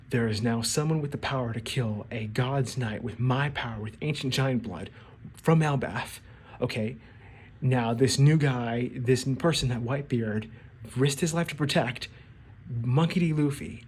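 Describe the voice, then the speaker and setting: A man's voice: mid-range voice, a little mellow, a little hiss or hum. A man giving casual video commentary on an anime, rambling and restarting his words as he acts out quotes.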